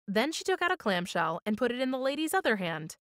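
A woman reading a children's story aloud for storytime, with expressive, measured storytelling. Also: a little high, no echo, clean studio sound. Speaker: storytime reader.

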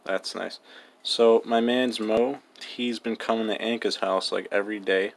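A man's voice: lowish voice, fairly even intonation, a little slow, gravelly, slight background noise. A young man giving casual, joking gameplay commentary, mumbling and swearing freely. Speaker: gaming vlogger.

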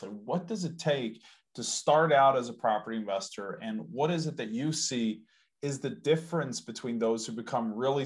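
A man hosting a podcast interview, speaking with enthusiasm in a casual way. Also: medium pitch. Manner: enthusiastic, upbeat. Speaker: podcast host.

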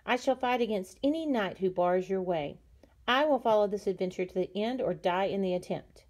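Earnest humble young squire-to-be, read by a woman storyteller, soft mellow tone. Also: medium pitch, normal speed, close to an everyday voice. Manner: earnest, respectful. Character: humble brave young kitchen boy.

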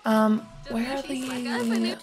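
A woman's voice: fairly high pitch, steady tone, drawn-out words, darkish tone, soft background music. A young woman giving rambling, casual commentary on her own gameplay, full of ums and likes. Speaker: gaming YouTuber.

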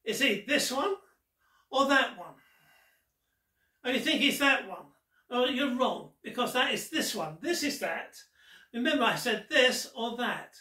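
Male gospel magician, teasing and unhurried, with a bright tone, heard with a roomy, distant sound. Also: very high voice, lively intonation. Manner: playful and teasing, addressing the viewer. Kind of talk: magic trick with a Gospel story. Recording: roomy echo, distant mic.

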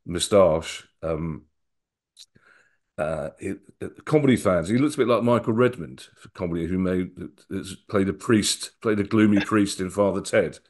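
A man's voice: deep voice, normal speed, a little mellow. A middle-aged man, a guest on an interview podcast, recalling old memories in a rambling way with many restarts. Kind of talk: casual storytelling interview.

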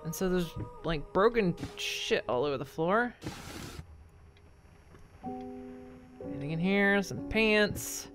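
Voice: medium pitch, animated, slow, pauses often. A gamer giving curious, muttering let's play commentary, with casual swearing while exploring. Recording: voice over game music.

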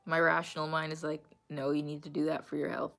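A woman's voice: sits low, level tone, a little fast, vocal fry, a bit bright. A woman from New England chatting casually on a livestream, answering viewer comments with candid replies. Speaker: livestreamer reading chat. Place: underground room.

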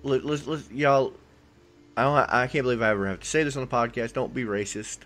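A man's voice: medium pitch, fairly quick, fairly bright tone, faint music behind. A man co-hosting a podcast in casual, jokey chat, often acting out quoted voices. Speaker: podcast co-host.

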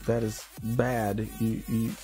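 A man's voice: lowish voice, flat delivery, slow, dark tone, soft background music. A tired man streaming live, ranting in a blunt, profane and rambling way. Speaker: livestreamer. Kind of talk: casual live-stream rant.

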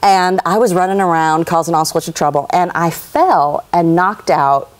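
A woman from Los Angeles, a guest on a chat show, telling childhood stories in an animated, emphatic way. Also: fairly low pitch, moderate pace. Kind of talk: casual storytelling.

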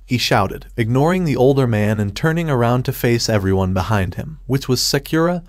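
A man narrating a fan fiction story aloud in an even, steady reading voice. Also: medium pitch, normal speed, hardly any pauses, no room sound, clean studio sound.

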